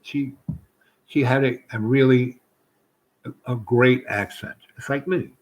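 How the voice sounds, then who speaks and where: A man's voice: medium pitch, fairly even intonation, takes it slowly, poor audio. A man casually telling a long personal story, rambling with fillers and quoting others.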